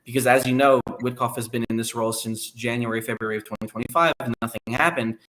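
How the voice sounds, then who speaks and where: A man speaking as a guest analyst on a podcast, explaining at length in a measured way. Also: mid-range voice, fairly even intonation, a bit bright, poor audio. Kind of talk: conversational podcast interview.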